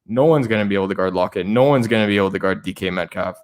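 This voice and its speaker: A man co-hosting a fantasy football show in casual chat, excitable and often stumbling and repeating words. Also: low-pitched, very fast. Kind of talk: casual sports betting chat.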